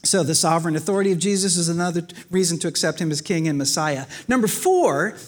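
A pastor with a fairly high voice talks fast as he preaches, telling stories vividly and addressing his congregation directly. His delivery is animated and expressive, with quotes acted out.

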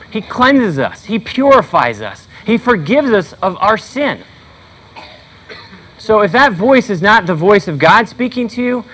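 High-voiced man preaching a sermon. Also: fairly bright tone, poor audio. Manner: earnest, conversational preaching with frequent fillers. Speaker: pastor.

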